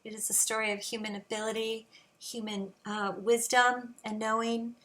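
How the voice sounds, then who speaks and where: A woman hosting her own channel, talking in a slow, reflective monologue with many pauses and fillers. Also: a little high, little pitch movement, a bit bright. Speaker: channel host. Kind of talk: casual spiritual monologue.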